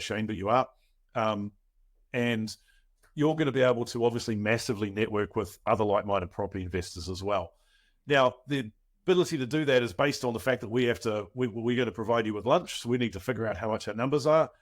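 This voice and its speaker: A chatty man hosts a property webinar over a video call. His voice sits on the lower side, and his pitch is upbeat and salesy, full of "um" and "you know." He talks casually rather than reading a script. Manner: chatty and promotional, with filler words. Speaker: property coach hosting a webinar.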